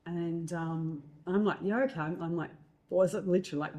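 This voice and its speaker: A middle-aged Australian woman, a guest, telling lively stories in conversation and acting out what others said, with many fillers. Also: lowish voice, normal speed. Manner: lively anecdotes with acted-out quotes, fillers. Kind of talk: storytelling in conversation.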